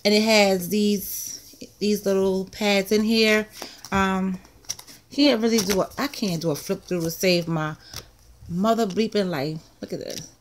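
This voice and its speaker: A woman hosting a casual haul vlog about craft supplies, excitable and full of playful exclamations and asides, recorded on a close mic at a table. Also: medium pitch, a little slow, slight background noise.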